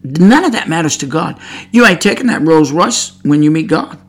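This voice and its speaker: A man preaching a fiery podcast sermon, firing rhetorical questions at his listeners and swinging between loud outbursts and hushed warnings. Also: a little high, lively intonation, normal speed, husky.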